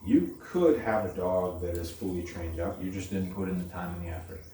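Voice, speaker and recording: A man with a low, warm voice explains puppy training in a blunt, plain way, often adding "okay?". He is picked up from a distance by the camera, with a roomy sound and a faint hiss behind him. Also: normal speed. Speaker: dog trainer. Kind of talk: casual instructional talk.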